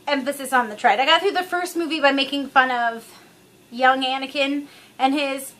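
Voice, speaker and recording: A woman's voice: high-pitched, normal speed, sharp tone. A woman vlogging to camera, chatty, rambling and frankly profane. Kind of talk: casual chat to camera.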